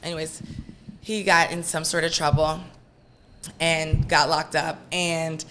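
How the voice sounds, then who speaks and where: A woman guest on a podcast, telling a story from her childhood in a lively way and acting out the voices of the people in it. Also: deep voice, unhurried, slight background noise. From Washington, D.C. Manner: lively, animated storyteller, acts out quoted voices. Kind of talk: casual storytelling interview.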